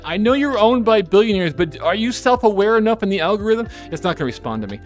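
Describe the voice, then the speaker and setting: Woman streamer, casual chat: giggly and chatty, voice leaping up and down, soft music under it. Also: mid-range voice, sing-song, fast, hardly any pauses. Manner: giggly, chatty, self-correcting asides. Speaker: VTuber streamer. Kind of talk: casual live-stream chat, reading chat messages.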